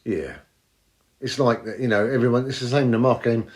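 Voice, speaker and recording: A man's voice: medium pitch, fairly quick. A London cab driver with a working-class accent chats in a loose, down-to-earth way. He is blunt about his views and sometimes trails off while searching for a word. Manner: blunt, down-to-earth storytelling, gropes for words. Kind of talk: casual conversation.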